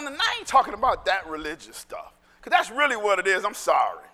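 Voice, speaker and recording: A male pastor preaching a sermon in an animated, conversational way that swings into shouting. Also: high voice, fairly quick, hardly any pauses, long reverb tail.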